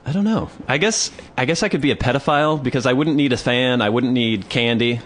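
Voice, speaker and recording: A man's voice: mid-range voice, brisk. A man co-hosting a podcast, telling a story in casual chat and acting out other people's voices. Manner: animated storyteller, acts out voices. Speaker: podcast co-host.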